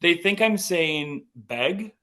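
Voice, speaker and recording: A man's voice: mid-range voice, normal speed, fairly bright tone. Chatty man from North Dakota. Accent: light North Dakota. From North Dakota, USA. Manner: chatty, upbeat storyteller, frequent "like" and "um". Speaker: podcast guest. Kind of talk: casual interview chat.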